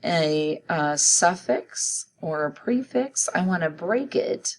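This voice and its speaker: A woman's voice: lowish voice, expressive, slow pace, a little hiss or hum. A woman teaching a spelling lesson, carefully sounding out words letter by letter and syllable by syllable.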